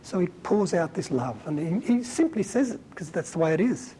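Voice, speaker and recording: Animated, colloquial male preacher. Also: sits high, normal speed, a little hiss or hum, low-quality recording. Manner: animated, colloquial, warmly emphatic. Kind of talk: conversational Bible teaching.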